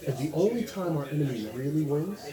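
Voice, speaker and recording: A man's voice: a little high, animated, brisk, music in the background. A man, a pastor, preaching informally and urging the listener directly in a conversational way. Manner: conversational, exhortative, speaks straight to a listener. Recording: echoey room with a crowd behind.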